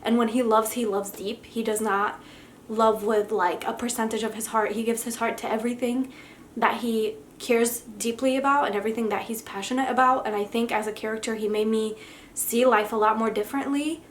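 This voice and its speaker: A woman's voice: fairly high pitch, steady tone, fairly quick, a little hiss or hum. A young adult woman giving a casual book review on her vlog, effusive and heartfelt, gushing with emotion. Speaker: book vlogger.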